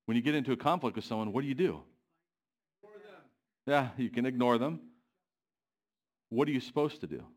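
A man delivering a sermon in a church, often pausing to put questions to the congregation. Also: medium pitch, expressive. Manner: asks the congregation questions, pacing varies. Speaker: preacher.

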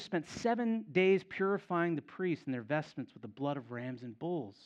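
A man's voice: on the high side, normal speed, few pauses, dull audio. A man preaching a sermon as pastor, emphatic and repeating key phrases for effect.

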